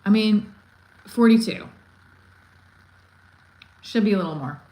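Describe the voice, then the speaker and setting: Speaking slowly in a medium-pitched, dark-toned voice, a woman runs a casual livestream where she rambles, restarts sentences often and reads the chat aloud. The audio is poor.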